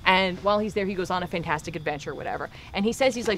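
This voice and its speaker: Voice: medium pitch, rapid-fire, hardly any pauses, fairly bright tone, slight background noise. A podcast host casually recapping a comic book, telling the story with animation and acting out the characters' lines.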